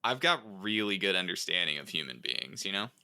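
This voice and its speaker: A man's voice: deep voice, very animated, a little fast, gravelly, pushed and bright, smooth. A man co-hosting a podcast in casual chat, joking and playful, often trailing off with fillers. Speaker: podcast co-host.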